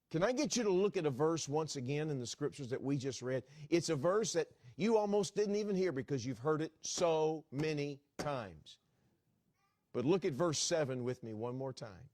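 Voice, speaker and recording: A man's voice: on the high side, expressive, moderate pace, a little mellow, dry recording, clean studio sound. A middle-aged man preaching as an evangelist in a church, telling a folksy story and acting out the dialogue. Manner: folksy, acts out dialogue with restarts. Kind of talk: storytelling sermon.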